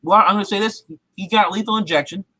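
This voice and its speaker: A man's voice: sits high, fast talker, sharp tone, dry recording, poor audio. A man reviewing a movie in casual chat, rambling with frequent restarts and fillers.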